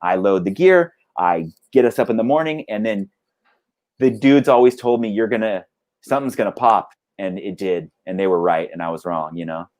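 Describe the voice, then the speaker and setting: Male band guest, lowish voice, casual rambling storyteller on a video call. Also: lively intonation, moderate pace, darkish tone. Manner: rambling, lots of "like" and "dude".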